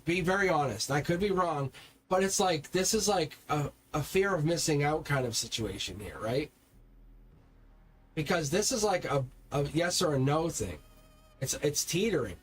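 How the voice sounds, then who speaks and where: A man's voice: a little high, sing-song, normal speed, soft background music. A man giving a live-stream tarot reading, speaking straight to viewers in a rambling, repetitive way and swearing when he gets heated. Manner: rambling, repeats words and restarts. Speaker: tarot reader.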